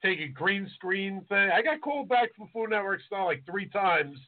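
High-pitched chatty chef on lo-fi audio. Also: male voice, lively intonation, normal speed. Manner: chatty, swears casually. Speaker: podcast co-host, chef. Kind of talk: casual chat. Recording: phone-like lo-fi audio.

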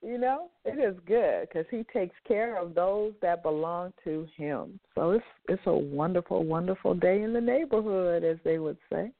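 A fervent woman hosts a faith talk radio show, her voice nasal and stuffed up from clogged sinuses. She sits a little low in pitch and leans on repeated words. It all comes through a thin, tinny phone line. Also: moderate pace, few pauses. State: congested sinuses. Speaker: host.

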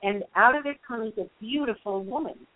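A woman's voice: a little high, moderate pace, dry recording. A woman retelling a fairy tale in casual spoken storytelling, with fillers, asides and quoted voices acted out. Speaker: Jungian storyteller. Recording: dry, tinny phone-like sound.

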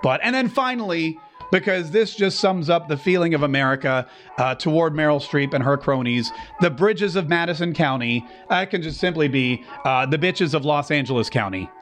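A man's voice: on the high side, lively intonation, normal speed, a bit bright, faint music behind. A man hosting an opinionated political show, talking in a sarcastic, mocking way with many asides. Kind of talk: opinionated commentary.

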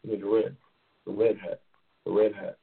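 Gravelly, loud-talking male show host. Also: fairly low pitch, moderate pace, background noise. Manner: loud, profane and excitable, yelling at times. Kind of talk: casual livestream chat, reading race matchups. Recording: tinny phone-like sound.

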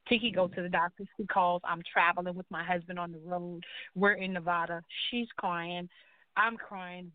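A woman's voice: on the low side, fairly even intonation, normal speed, no room sound. Woman guest, earnest storyteller voicing her quoted dialogue, thin phone-like sound, dry. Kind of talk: personal testimony in a talk show. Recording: tinny phone-like line, dry.

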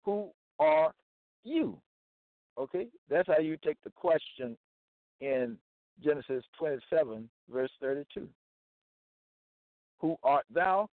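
A man teaching from scripture in a slow, deliberate way, repeating phrases and checking in with "okay?" and "all right?". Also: fairly high pitch, no echo. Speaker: self-styled Bible teacher. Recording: tinny phone-like dry sound.

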